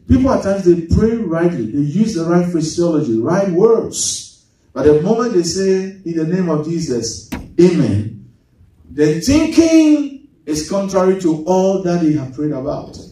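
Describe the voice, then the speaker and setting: A man preaching a sermon in a church, picked up from a distance in a very echoey hall. His voice sits fairly high but sounds mellow, and he keeps asking the congregation questions to draw responses. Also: expressive, measured pace. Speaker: pastor. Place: church sanctuary.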